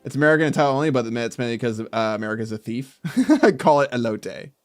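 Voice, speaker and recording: A man streaming while he draws, reading viewer comments aloud and breaking into loud mock outrage with swearing. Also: medium pitch, expressive, fast talker, no echo, faint music behind. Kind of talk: casual live-stream chat while drawing.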